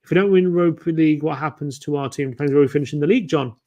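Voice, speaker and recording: A man's voice: fairly high pitch, racing, warm tone. Man thinking aloud on a livestream. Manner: thinks aloud, muttering guesses to himself. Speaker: fan channel host. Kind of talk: casual livestream chat while playing a quiz.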